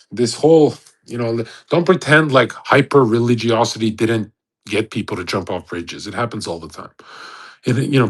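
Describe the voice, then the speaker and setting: A man's voice: medium pitch, a bit bright. A man in his thirties hosting a live audio chat room, lecturing in an emphatic, profane casual rant. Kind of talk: casual ranting monologue.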